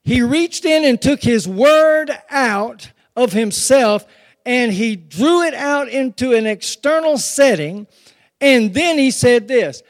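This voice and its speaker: High-voiced preacher in a reverberant hall. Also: male voice, lively intonation, takes it slowly. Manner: call-and-response preaching, dramatic retelling. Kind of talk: sermon.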